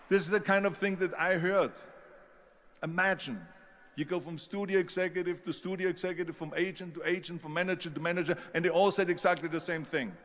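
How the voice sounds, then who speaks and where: A man's voice: high-pitched, steady tone, brisk, fairly bright tone, long reverb tail. A man with a German accent giving an emphatic motivational speech, telling stories with force. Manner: emphatic storytelling. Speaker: speaker.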